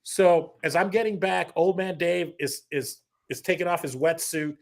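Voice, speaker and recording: A middle-aged man, a comedian guest, telling a story in casual chat, animated, with many restarts and quoted asides. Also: fairly high pitch, moderate pace, creaky.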